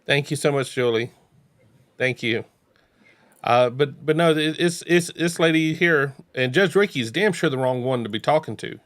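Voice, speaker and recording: A man's voice: a little high, normal speed, a bit bright. A man hosting a casual chat show, talking in a rambling way with many restarts. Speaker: podcast host. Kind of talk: casual chat reacting to court videos.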